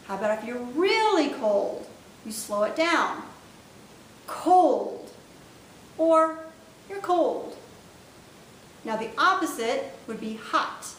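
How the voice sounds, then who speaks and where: This is an instructional lesson in which a woman works through sign language vocabulary, saying each word again patiently while showing the sign. It's recorded in an echoey space from a distant mic, with a faint rumble underneath.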